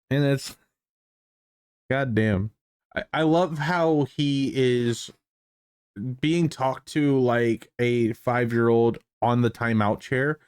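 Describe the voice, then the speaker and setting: A man's voice: medium pitch, slow, smooth, dry recording, studio quality. A man giving casual reaction commentary on police footage, amused and profane, laughing often.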